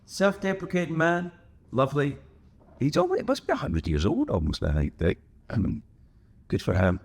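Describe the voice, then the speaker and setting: A man's voice: fairly high pitch, huge pitch swings, moderate pace, slightly rough. A man hosting a podcast, talking on his own in a casual, rambling way full of wry asides and digressions. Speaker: podcast host. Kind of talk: casual solo chat.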